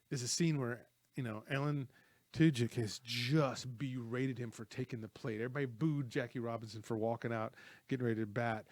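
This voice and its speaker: Male co-host, lively scene-by-scene storyteller, dry close-miked voice. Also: medium pitch, no echo. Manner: animated storyteller, retells scenes with acted quotes. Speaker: co-host of a movie talk show. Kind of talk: casual movie chat.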